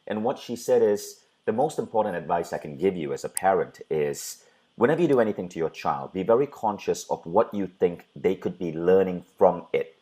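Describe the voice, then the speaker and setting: A man with a fairly low voice hosts a conversational talk show. He is earnest, tells a personal story at length and quotes the people in it as he goes. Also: a little mellow, low-quality recording. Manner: earnest, retells scenes with quoted dialogue. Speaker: host.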